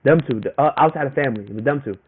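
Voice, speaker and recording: A man's voice: medium pitch, rapid-fire. A young man telling a personal story in a casual, rambling monologue, full of slang and repeated phrases, shifting his voice up and down as he quotes other people. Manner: rambling and repetitive, slangy, animated when quoting others. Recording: tinny phone-like audio with faint noise.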